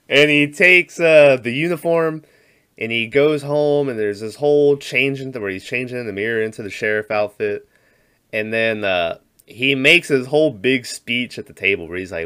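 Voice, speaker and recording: A man's voice: medium pitch, normal speed, pushed and bright, clean tone. A man co-hosting a podcast, casually recapping a movie, rambling and laughing often. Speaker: podcast co-host.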